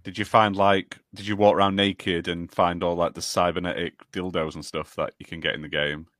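A man's voice: sits low, flat delivery, brisk, a bit bright, dry recording, clean studio sound. A man with a Yorkshire accent hosting a casual gaming podcast, joking and teasing his co-hosts and swearing freely. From Yorkshire, England. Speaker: podcast host.

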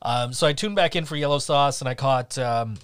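A man's voice: medium pitch, brisk, a bit bright, clean tone. A man co-hosting a podcast in casual chat, rambling, swearing freely and laughing often. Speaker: podcast co-host.

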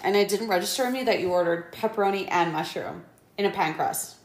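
A woman's voice: fairly low pitch, fast, roomy sound. A young woman co-hosting a casual podcast at home, swearing freely and acting out conversations as she tells them. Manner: animated, swears freely, acts out quoted talk. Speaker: podcast co-host. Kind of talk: casual chat. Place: home room.

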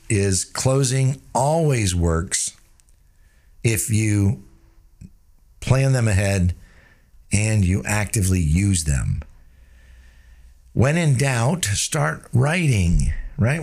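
A man's voice: mid-range voice, lively intonation, takes it slowly, creaky, pauses often, darkish tone. A man giving a sales training talk, using rhetorical tag questions and demonstrating shifts of tone and tempo.

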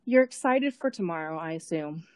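A woman narrating a tabletop role-playing scene as game master, unhurried, thinking aloud with frequent fillers and repeated words. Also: deep voice, expressive, darkish tone, a little hiss or hum.

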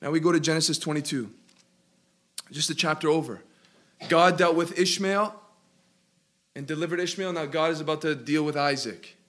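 A man preaching a sermon and asking his listeners questions, slowing and rising in pitch to stress key words. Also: a bit bright.

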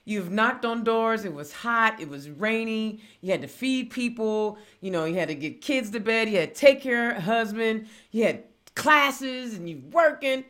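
A woman host interviewing a guest, asking questions in an expressive, enthusiastic way. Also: fairly high pitch, moderate pace. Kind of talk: conversational interview.

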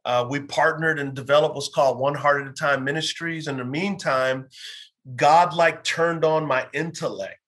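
A man's voice: fairly high pitch, steady tone, moderate pace, fairly bright tone. A man in his fifties, a pastor and former pro athlete, earnestly telling his faith story in an interview and acting out bits of quoted dialogue. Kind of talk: personal faith testimony in an interview.

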